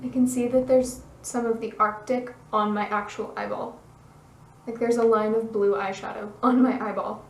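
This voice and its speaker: A young woman talking through a makeup tutorial in a chatty, bubbly way, her voice a little hoarse. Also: fairly high pitch, fairly even intonation, normal speed, reverberant, distant mic, slight background noise, rough recording. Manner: chatty, bubbly, self-deprecating asides. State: losing her voice, slightly hoarse. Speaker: beauty vlogger.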